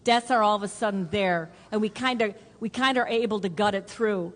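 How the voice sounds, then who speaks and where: Woman pastor, sermon delivery, earnest repeating cadence with hushed drops, lingering hall echo. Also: medium pitch, fairly quick. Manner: earnest, repetitive preaching cadence that drops to a hush for emphasis. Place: church sanctuary. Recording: long hall reverb.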